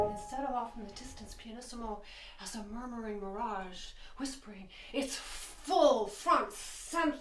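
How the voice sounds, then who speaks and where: A woman teaches a piano piece as she plays, counting beats and singing phrases with enthusiasm. Her voice sits a little high and sounds roomy, caught from a distance. Piano plays behind her. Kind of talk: teaching while playing piano. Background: piano playing.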